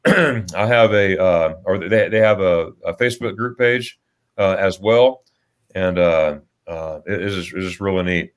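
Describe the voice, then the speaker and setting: A man with a fairly low voice hosts a relaxed livestream chat. He rambles through stories, stopping and restarting with plenty of fillers. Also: a little slow, smooth. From United States. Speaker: livestream host.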